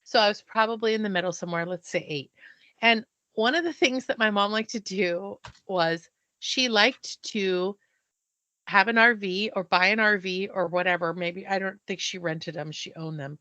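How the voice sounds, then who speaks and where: A middle-aged American woman co-hosting a podcast, telling stories in a casual, animated way, acting out the people she quotes and often restarting her sentences. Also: medium pitch, moderate pace, no echo. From United States. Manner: restarts and stumbles mid-sentence. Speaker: podcast co-host. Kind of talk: casual storytelling chat.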